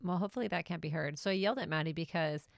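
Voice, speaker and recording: A woman's voice: low-pitched, racing, vocal fry. A middle-aged woman co-hosting a podcast, telling family stories in a chatty way and laughing often. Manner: chatty storytelling, laughs often, acts out quotes. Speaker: podcast co-host, mother. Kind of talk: casual chat.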